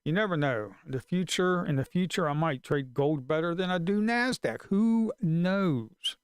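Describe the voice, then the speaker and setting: A man's voice: fairly high pitch, lively intonation, moderate pace, clean tone, no echo, studio quality. Frustrated man muttering while trading. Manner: frustrated, swearing, muttering to himself. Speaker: futures trader streaming live. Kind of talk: casual live-stream talk.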